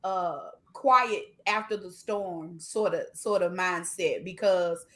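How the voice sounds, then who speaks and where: A woman's voice: fairly low pitch, slow pace, bright, forceful tone. Woman hosting a reflective chat. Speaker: host. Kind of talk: casual conversation.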